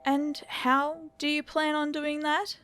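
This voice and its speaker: A woman's voice: high voice, little pitch movement, slow, a bit bright, dry recording, faint music behind, pitched above the performer's own voice. A woman reading as a bored, menacing unkillable man. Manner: scornful, coolly threatening.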